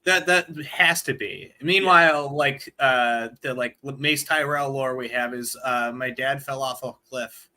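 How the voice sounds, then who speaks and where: Male podcast guest, casual chat, very bright tense voice, dry jokes. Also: medium pitch, measured pace, few pauses.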